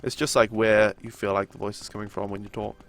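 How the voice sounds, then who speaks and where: A man's voice: lowish voice, level tone, fast. A young man with a nasal voice and a sore throat, chatting casually as he streams a game and answers his viewers. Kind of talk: casual chat during a live game stream.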